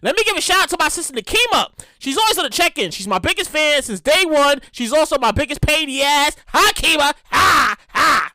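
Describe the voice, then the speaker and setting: A woman's voice: sits high, brisk, few pauses, no echo, clean studio sound. A woman hosting her own podcast in a casual, profane, ranting monologue. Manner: animated, profane, ranting storyteller. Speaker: podcast host.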